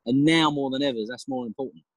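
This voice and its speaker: Husky dad on a podcast. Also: male voice, medium pitch, fast talker, no room sound, rough recording. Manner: reflective, laughing, hesitant restarts. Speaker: podcast guest, father. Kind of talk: casual interview chat.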